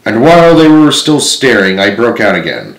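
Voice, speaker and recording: A man's voice: lowish voice, sing-song, normal speed, reverberant, low-quality recording. A man in his thirties reading a classic novel aloud, narrating steadily in the first person. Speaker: storyteller.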